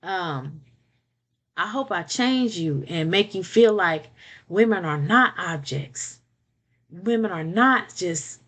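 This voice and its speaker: A woman's voice: on the low side, lively intonation, slow pace, fairly bright tone. An older woman giving blunt, preachy relationship advice in a casual monologue, often repeating words and checking in with "okay?".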